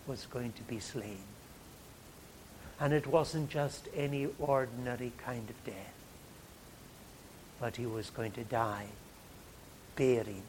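A man preaching a sermon in a dramatic way, dropping to a hush and then rising loud. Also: mid-range voice, a little hiss or hum. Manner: dramatic, swings from hushed to loud.

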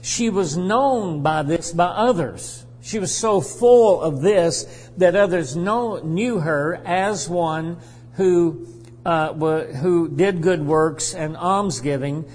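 A man preaching a sermon in a slow, deliberate way, repeating his phrases as he teaches from scripture in a church. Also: fairly high pitch, darkish tone, breathy edge, long reverb tail. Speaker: pastor.

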